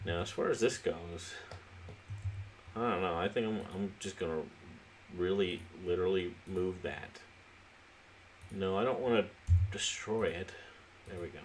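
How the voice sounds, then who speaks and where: A man's voice: deep voice, a little slow, slight background noise. A man hosting a city-building let's play, talking casually and thinking aloud with frequent restarts, a little sleepy. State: sleepy, yawning. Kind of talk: casual gameplay commentary.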